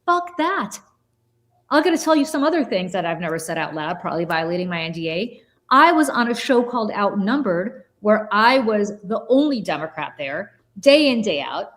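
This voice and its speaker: Fiery woman podcast host, higher voice, swears a lot, blunt as hell. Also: big pitch swings, moderate pace, fairly bright tone. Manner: blunt, profane, fiery storytelling. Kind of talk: heated political podcast talk.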